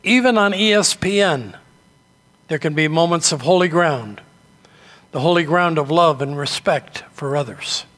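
An older man from New England preaching a sermon, telling stories in a measured, earnest way. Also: a little high, a bit bright, big-room sound. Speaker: pastor.

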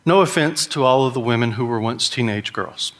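A man's voice: mid-range voice, a little fast, fairly bright tone, big-room sound. A middle-aged man, preaching a sermon in a folksy storytelling way and mimicking characters' whining voices. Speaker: pastor.

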